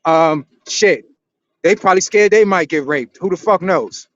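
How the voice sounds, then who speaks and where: A man on a panel in an online talk room, answering chat comments with steady, blunt explanations. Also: high voice, unhurried. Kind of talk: opinion talk. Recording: dry, dull lo-fi online audio.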